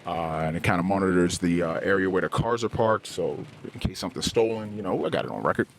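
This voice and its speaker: Low-voiced middle-aged man, halting podcast monologue. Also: a little hiss or hum. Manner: halting and candid, frequent restarts and searching for words. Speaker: podcast host. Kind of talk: personal confessional podcast monologue. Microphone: podcast microphone, self-recorded.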